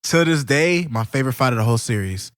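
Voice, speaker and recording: A young man co-hosting a casual anime podcast, telling stories excitedly with lots of slang and swearing. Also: mid-range voice, quick pace, dry recording, clean studio sound. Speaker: podcast co-host. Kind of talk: casual chat.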